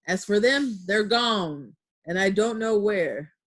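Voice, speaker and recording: A woman reading aloud as a cunning older male pirate cook, in a loud, steady storytelling voice. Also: mid-range voice, slow pace. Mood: sly.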